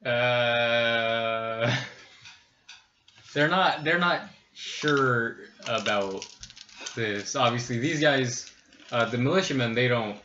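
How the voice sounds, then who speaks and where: A man's voice: mid-range voice, very slow, bright, forceful tone, reverberant, muffled recording. A man running a tabletop game as game master, bantering casually with laughs and swearing.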